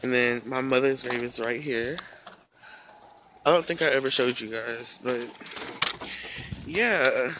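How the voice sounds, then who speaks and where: A young man with a gravelly, creaky voice talks casually to his phone camera, full of ums and half-finished thoughts. He is outdoors at a country cemetery. Loud wind and bird noise sit behind him in a rough outdoor recording. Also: mid-range voice. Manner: rambling, many ums and trailing-off sentences. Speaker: vlogger. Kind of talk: casual vlog talk. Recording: noisy outdoor recording with birds.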